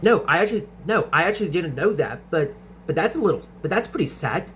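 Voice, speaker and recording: A young man with a slightly high voice answers viewer questions in a casual vlog. He stumbles, repeats words and restarts his sentences as he goes, over a faint steady hum. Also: fairly quick. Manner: stutters and restarts sentences often.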